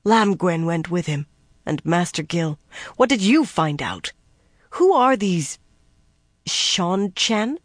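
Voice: medium pitch, expressive, measured pace. A narrator voicing a blunt woman with a dry, mocking edge to every line. Close, dry audiobook sound with no room echo.

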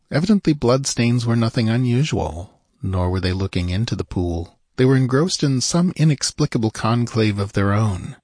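A man reading an adventure story aloud in steady, measured scripted narration. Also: on the low side, no room sound, studio quality. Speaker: audiobook narrator.

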